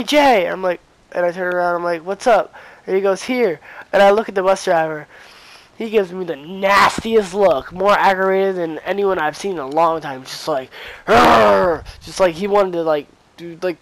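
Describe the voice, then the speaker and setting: A man's voice: high voice, no room sound, low-quality recording. A teenage boy vlogging, rambling through a story with lots of fillers and acted-out dialogue. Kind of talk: casual storytime.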